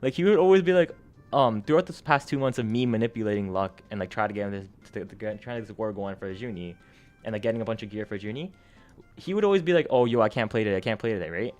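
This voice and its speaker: This young man's lowish voice moves quickly as he tells a gaming story against soft music. The telling is loose and rambling, full of slang, curses and filler words, with his animated energy jumping up and down.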